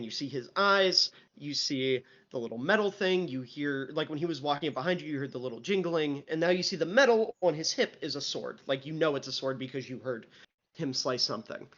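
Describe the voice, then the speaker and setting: A man's voice: a little high, animated, fairly quick, fairly bright tone. A man narrating a live tabletop role-playing game as game master, in loose narration full of fillers. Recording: lo-fi stream audio.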